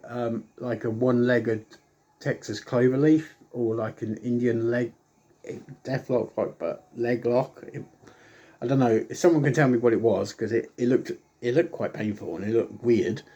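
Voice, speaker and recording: A man casually reviewing an old wrestling broadcast, rambling with lots of ums and acting out quoted lines. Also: mid-range voice. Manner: chatty, rambling with frequent ums; animated, acts out quoted lines.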